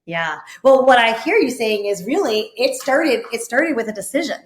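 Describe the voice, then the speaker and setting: A woman's voice: a little high, expressive, moderate pace, roomy sound. A woman hosting a podcast, encouraging and reflective, laughing easily as she talks with her guest. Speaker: podcast host. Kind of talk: interview conversation.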